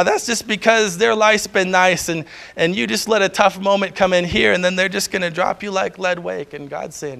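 A man's voice: high voice, steady tone, normal speed, gravelly, hardly any pauses, a bit bright. A middle-aged man preaching a sermon in a conversational way, often chuckling and acting out the voices he quotes.

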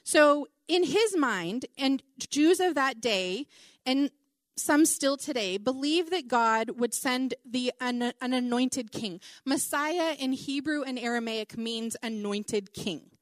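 A middle-aged woman preaching a conversational Bible teaching, animated and chatty, with many asides and "like"s. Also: sits high, slow pace, no room sound, clean studio sound.

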